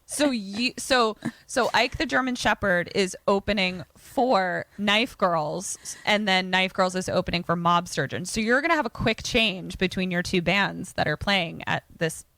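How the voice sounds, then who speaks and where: A woman co-host recaps a film in loose, casual conversation, full of quick asides and amused laughs. Her voice is bright and forceful. The sound is dry and close to the mic. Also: medium pitch, no echo. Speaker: podcast co-host retelling a film. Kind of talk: casual chat.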